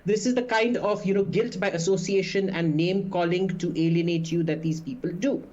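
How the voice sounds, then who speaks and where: A man's voice: sits high, fairly quick, darkish tone, dull audio. A man speaking as a guest on a news panel, indignant and full of hesitant fillers. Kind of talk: remote TV debate commentary.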